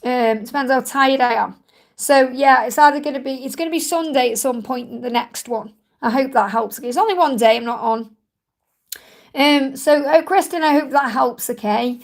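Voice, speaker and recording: A woman with a high voice reads tarot cards for viewers on a live stream. She reassures them and repeats her points. Her voice is a bit croaky from talking a lot. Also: moderate pace. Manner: reassuring, repetitive, reads viewer questions aloud. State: croaky from overuse. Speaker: tarot reader hosting a live Q&A. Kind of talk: live stream card reading.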